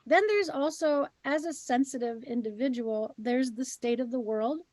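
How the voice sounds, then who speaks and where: A woman co-hosting a podcast, calmly and reassuringly giving gentle advice in casual chat. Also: sits high, normal speed, no echo. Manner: calm, reassuring, gently advising. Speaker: co-host and healer.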